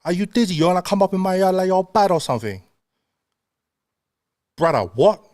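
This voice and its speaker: A cocky young street tough , put on by a man barks out his challenges in an exaggerated London street accent. The voice is pushed higher and louder than normal, brash and confrontational. The sound is close and completely dry. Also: very animated, brisk, no echo. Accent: put-on London street slang. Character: swaggering young male London roadman, confrontational.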